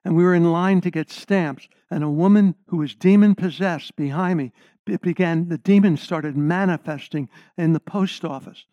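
A man's voice: on the high side, moderate pace, dark tone, no room sound. A middle-aged man delivers a sermon in a somewhat raised voice, hitting key words hard and turning often to the congregation with questions. The recording is close and dry, with no room around it, and its sound is a little dull and muffled. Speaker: preacher.

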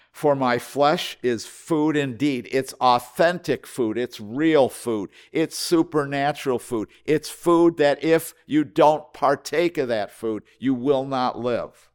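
A man preaches with emphatic force, drawing out key words and then dropping suddenly to a hush. He restarts and repeats phrases as he builds each point. His pitch sits in an ordinary middle range for a man. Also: clear, resonant tone. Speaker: pastor. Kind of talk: sermon.

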